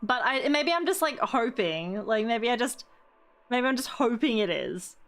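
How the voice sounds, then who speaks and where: A young woman streaming a game, thinking aloud and turning excitable as she works through its puzzles. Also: on the high side, moderate pace. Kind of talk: live game stream commentary.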